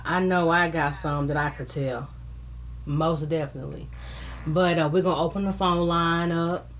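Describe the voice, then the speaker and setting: A woman's voice: deep voice, steady tone, normal speed, slight background noise. A woman hosting a live podcast talk show, effusive and playful, greeting listeners by name and laughing often. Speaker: podcast host.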